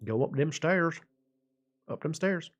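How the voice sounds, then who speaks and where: A man hosting a let's play, narrating and commenting in a relaxed way, muttering to himself as he plays. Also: on the high side, unhurried, husky. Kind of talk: game playthrough narration and commentary.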